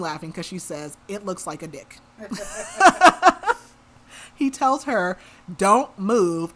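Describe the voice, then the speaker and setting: With a mid-range, slightly bright voice and a little background noise, a woman podcast host gives a casual recap of a novel. Her manner is chatty, peppered with "like," and she quotes characters in her own everyday voice.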